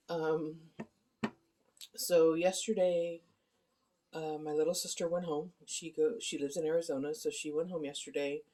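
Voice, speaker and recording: A middle-aged woman giving a casual personal video update from her home, speaking softly and haltingly with many ums and apologies. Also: deep voice, fairly even intonation. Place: at home, indoor living room. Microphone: handheld phone camera.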